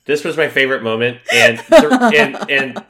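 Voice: mid-range voice, normal speed, bright, forceful tone. A podcast co-host who chats casually and with enthusiasm, laughing often and swearing.

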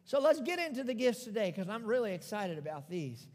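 A man with a very high voice preaches to his church congregation. He leads call-and-response declarations and drives points home by repeating phrases. His voice rings out with long reverb from the hall. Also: very animated, a little fast, a little mellow. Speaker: pastor. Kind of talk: sermon. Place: church sanctuary.

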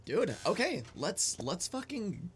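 A young man co-hosting a podcast, talking loosely and profanely, his pitch leaping up and down as he jokes. He swings from mumbled asides into sudden loud yelling. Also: very animated, slow, a little hiss or hum. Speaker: podcast co-host. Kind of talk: casual podcast banter.

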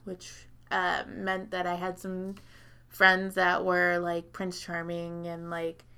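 Creaky, bright-voiced woman telling a rambling story. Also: completely flat delivery, slow pace. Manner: rambling, profane, heavy filler words; acts out quotes in high, loud voices. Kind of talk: casual chat.

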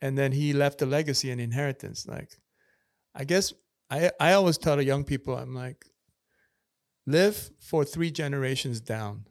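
A man's voice: medium pitch, fairly even intonation, a little fast, no room sound, clean studio sound. A man in a casual podcast chat, talking earnestly and repeating his key points like a preacher.

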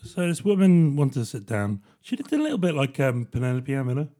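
A man's voice: medium pitch, very animated, brisk, dark tone. Jokey rambling man. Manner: rambling, jokey and self-deprecating, with frequent laughs. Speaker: podcast host. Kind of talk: solo comedic podcast monologue.

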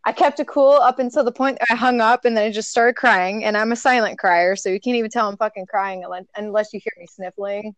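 A woman's voice: mid-range voice, steady tone, fairly quick, hardly any pauses, dry recording. A young adult woman co-hosting a podcast in casual chat, talking candidly, swearing freely and laughing often. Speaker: podcast co-host.

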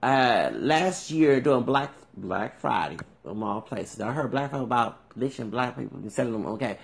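A man's voice: medium pitch, animated, moderate pace, creaky. A man from Houston hosting a podcast, talking in a rambling monologue and often tagging "okay?" onto his points. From Houston, Texas. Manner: digressive, repeats "okay?". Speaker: podcast host.

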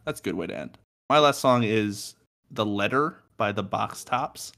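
A man's voice: fairly low pitch, expressive, normal speed, vocal fry, a bit bright. A young man co-hosting a casual music podcast from a room at home, joking, swearing and laughing often. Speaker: podcast co-host.

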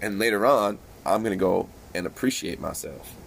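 A man's voice: on the low side, expressive, moderate pace, creaky, a little hiss or hum. A man hosting a casual late-night podcast chat on a balcony, joking loosely and swearing freely. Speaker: podcast host.

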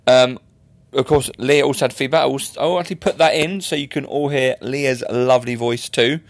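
A man's voice: medium pitch, fairly even intonation, brisk, no echo. A young man hosting a casual solo podcast, chatty and rambling with self-mocking asides. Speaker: podcast host.

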